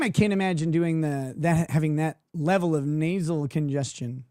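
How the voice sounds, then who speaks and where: A man's voice: on the high side, normal speed, few pauses, darkish tone, no room sound, clean studio sound. A man hosting a livestream, talking casually and sarcastically and laughing often. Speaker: livestream host.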